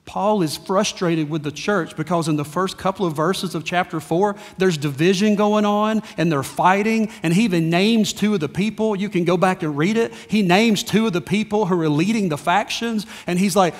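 Male pastor, high-pitched, emphatic sermon delivery, reverb-heavy church sound. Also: normal speed, few pauses. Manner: conversational and emphatic, with rhetorical questions. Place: church sanctuary. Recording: long reverb in a church hall.

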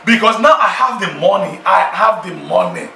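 An actor playing a boastful, newly rich man who sweet-talks several girlfriends on the phone, excited and laughing. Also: sits high, moderate pace, gravelly, reverberant, far from the mic, heavily acted, poor audio. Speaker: lead character in a film. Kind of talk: Nollywood film acting.

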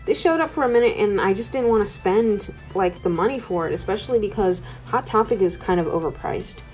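A woman's voice: mid-range voice, expressive, fairly quick, a little mellow. A young woman in her twenties rambling in a casual voice-over at home, chatty and loose, with "like" in nearly every sentence. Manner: chatty, rambling, full of "like" fillers. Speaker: art YouTuber. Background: faint background music.

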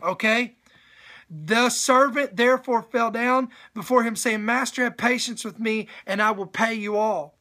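Man preaching, bright voice, reads scripture then stops to urge listeners, live stream sermon. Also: very high voice, measured pace.

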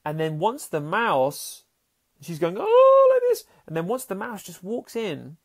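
The voice is fairly high and expressive, with an unhurried pace. He's a podcast host and happiness coach speaking earnestly in a relaxed monologue, repeating words often and performing voices as he tells stories.

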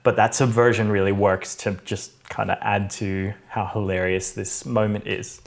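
Man, podcast co-host, casual and animated, slips into character voices when recapping. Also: on the low side, moderate pace, gravelly. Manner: animated, acts out scenes in put-on voices. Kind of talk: casual chat.

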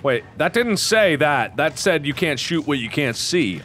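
A young man in his twenties doing loud, excitable gaming commentary, swearing and yelling at enemies. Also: fairly high pitch, unhurried, a little hiss or hum. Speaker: let's play host.

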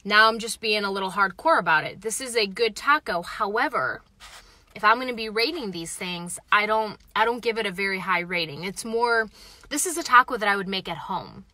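Her mid-range voice moves briskly with lively intonation, bright and forceful in tone. She's a vlogger in a parked car, eating and reviewing a taco live on her phone while chatting candidly with her audience and reading out their comments in easygoing stream chatter.

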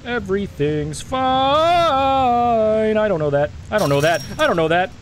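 A man's voice: fairly high pitch, fast talker, slight background noise, poor audio. A young man giving live commentary as he plays a game, jumpy and talking to himself with lots of swearing. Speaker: gaming streamer.

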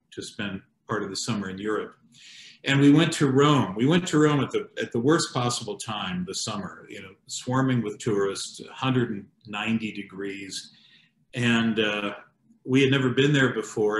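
A middle-aged man reading his own poems and chatting between them, in a slow, conversational way with hesitations and asides. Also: fairly low pitch. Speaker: poet and painter. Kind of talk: poetry reading with chat. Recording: echoey room.

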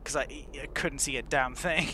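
A man's voice: medium pitch, steady tone, moderate pace, sharp tone, a little hiss or hum. A man chatting casually while playing a roleplay game, laughing often and rambling in a self-deprecating way. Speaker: roleplay streamer.

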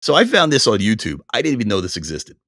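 A man hosting a casual podcast, his voice bright and lively as it swings up and down. He talks in an animated way, laughs easily and now and then reads aloud from notes. The sound is dry and close. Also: on the low side, fast talker, husky, no echo. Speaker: podcast co-host. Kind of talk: casual chat.

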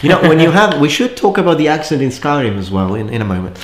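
A man's voice: a little high, very animated, fast, slight background noise. Chatty man in an echoey room. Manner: chatty, explanatory, laughs often. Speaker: co-player and commentator. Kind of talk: casual gaming chat.

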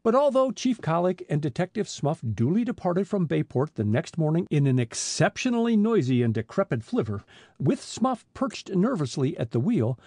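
A man narrating an adventure audiobook in a lively storytelling manner. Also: sits high, dry recording. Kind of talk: scripted narration.

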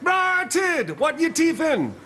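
Fake patois poser, high bouncy voice, slow drawl, audience laughter. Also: male voice, wildly swooping pitch, full character voice. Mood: swaggering. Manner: put-on patois slang, laughing, shouty. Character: white man faking Jamaican patois, brash poser. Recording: studio audience laughter behind. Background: crowd noise and laughter.

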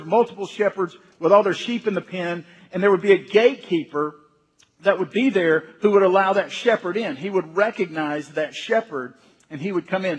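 A man with a high, husky voice delivers an emphatic Sunday sermon, repeating words to build each point. His voice echoes with a long reverb through a church sanctuary. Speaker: senior pastor.

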